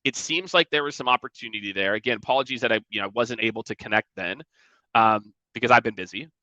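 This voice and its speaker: Guy coaching sales, punchy and chatty, bright voice, kinda dull dry sound. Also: mid-range voice, quick pace, no echo. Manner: emphatic, conversational, acts out quoted emails in mocking voices. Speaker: sales trainer. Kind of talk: energetic sales coaching talk.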